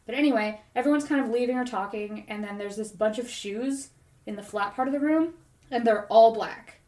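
A woman's voice: a little high, brisk. Rambling woman telling a dream, echoey. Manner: rambling, animated storytelling full of "like". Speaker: podcast co-host. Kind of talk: casual chat, telling a dream. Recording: roomy echoey recording.

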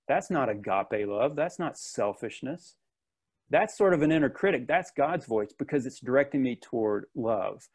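A man's voice: mid-range voice, darkish tone. Male pastor, mid-range voice, earnest casual sermon delivery. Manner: earnest, conversational with fillers and restarts. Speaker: preacher.

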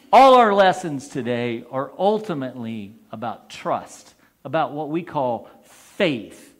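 Lively, unhurried priest preaching a sermon. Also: male voice, high-pitched. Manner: conversational, asks the congregation questions.

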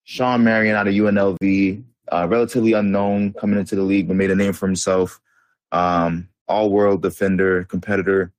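A man's voice: low voice, little pitch movement, a little fast, dry recording. A young man co-hosting a podcast, chatting casually about basketball in a loose, rambling, slangy way with lots of fillers. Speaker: podcast co-host. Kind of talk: casual sports chat.

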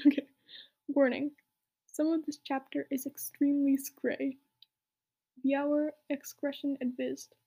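A woman's voice: high-pitched, mellow. A young woman reading a fan story aloud in a whispery voice, with amused asides. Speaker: reader.

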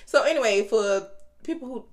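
A woman chats on a podcast in a fairly high voice that swings widely up and down. She tells her stories with animated energy and keeps laughing along the way. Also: moderate pace, a crowd in the background. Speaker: podcast co-host. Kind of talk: casual podcast chat.

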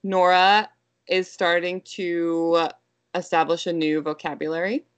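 A woman's voice: lowish voice, unhurried, clean tone, dry recording. A woman co-hosting a casual chat, telling stories animatedly with frequent laughs. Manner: animated storytelling, laughs often, mimics a toddler's voice.

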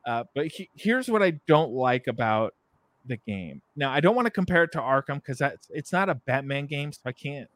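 This podcast co-host chats casually about video games, rambling around his point with lots of ums and restarts. His middling-pitched voice is expressive and fairly bright, at a moderate pace. The recording is close and dry, with no room sound.

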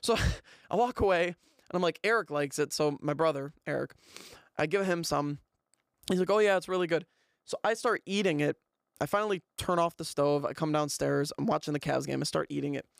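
A young man hosting a podcast, telling a rambling, animated story in a casual way. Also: on the high side, a little fast, creaky, dry recording, studio quality. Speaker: podcast host.

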